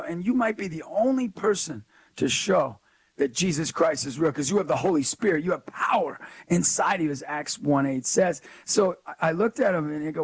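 Gravelly, husky man telling stories. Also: on the high side, moderate pace. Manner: energetic, emphatic, quotes people in lively voices. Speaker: guest, youth speaker. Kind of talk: animated storytelling interview.

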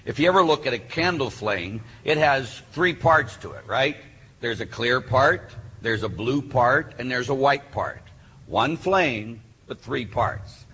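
A man, a Catholic priest, preaching a sermon and telling stories with lively acted-out voices. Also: mid-range voice, a little slow. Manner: animated storyteller who acts out voices. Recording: hall reverb, faint background noise.

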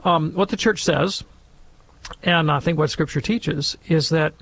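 A man's voice: a little high, a little slow, vocal fry, a bit bright. A man answering a caller's question on a call-in radio show, explaining with everyday examples and checking in with "right?" as he goes.

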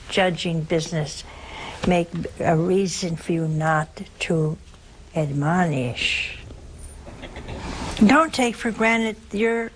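A nun preaching a sermon in an earnest, storytelling way, asking rhetorical questions. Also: female voice, lowish voice, a little hiss or hum, rough recording.

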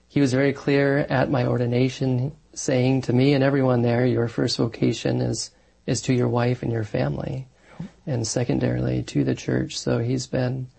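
A man, a married Catholic parish priest, answers questions in an earnest, thoughtful way, pausing on fillers as he goes. His voice is mellow and dark with a gravelly edge and a husky breathiness. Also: mid-range voice. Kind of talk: conversational interview answers.

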